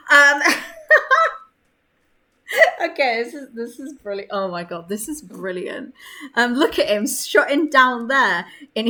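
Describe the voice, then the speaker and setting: A young woman chatting excitedly while playing a life-sim game, laughing often. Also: medium pitch. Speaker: gaming creator. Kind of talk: casual gameplay commentary.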